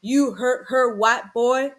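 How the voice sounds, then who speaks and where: Woman doing a big threatening young guy, blunt and loud-edged. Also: a little high, takes it slowly. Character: menacing big young man confronting a stranger.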